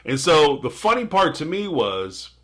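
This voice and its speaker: Bright, joking man hosting a live stream. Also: on the high side, big pitch swings, unhurried. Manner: joking, laughs often, playful asides. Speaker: live-stream host reacting to a TV episode. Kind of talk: casual live-stream commentary, reading super chats.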